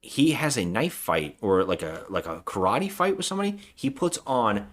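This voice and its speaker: Lively low-voiced man recapping a movie. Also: moderate pace. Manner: rambling retelling with acted-out quotes, swears. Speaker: podcast co-host. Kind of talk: casual movie recap chat.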